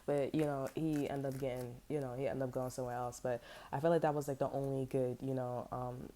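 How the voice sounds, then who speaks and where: Low, mellow-voiced woman ranting bluntly. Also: level tone, a little fast, a little hiss or hum. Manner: blunt, profane, rambling storytelling with lots of fillers. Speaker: tarot reader. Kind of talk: casual unscripted tarot chat.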